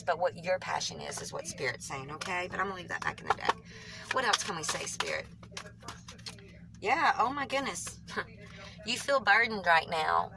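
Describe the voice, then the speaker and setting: Fast-talking Southern woman reading tarot. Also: medium pitch, fairly bright tone, rough recording. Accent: Southern US country twang. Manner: fast, rambling, self-correcting. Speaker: tarot reader.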